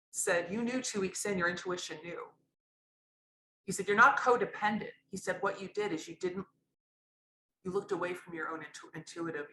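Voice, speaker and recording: A woman's voice: on the low side, bright, forceful tone, echoey room, slight background noise, low-quality recording. A woman guest telling a raw personal story in a candid, rambling way, often restarting her sentences. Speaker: podcast guest.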